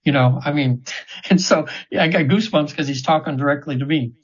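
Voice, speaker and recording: Talking a little fast in a high-side voice with a breathy edge, a man in his seventies tells earnest, rambling stories full of restarts. He's an interview guest and trance session practitioner in a casual chat, recorded with dull, slightly lo-fi sound.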